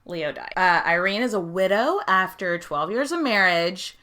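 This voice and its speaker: A woman's voice: fairly low pitch, animated, moderate pace, bright, forceful tone. A woman co-hosting a podcast, adding wry, sarcastic commentary to a history story. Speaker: podcast co-host. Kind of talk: casual chat.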